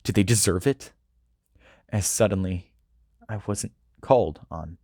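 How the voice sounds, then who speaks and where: A man's voice: sits low, a little slow, mellow, no room sound, studio quality. A man reading a first-person story aloud, earnest and with small stumbles. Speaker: audiobook reader.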